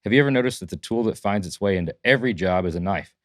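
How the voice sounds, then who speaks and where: A man with a fairly low voice hosts a relaxed podcast, punching up his sponsor reads and joking around. The sound is close and dry, with no room around him. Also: rapid-fire, dry recording. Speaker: podcast host. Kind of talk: casual podcast banter.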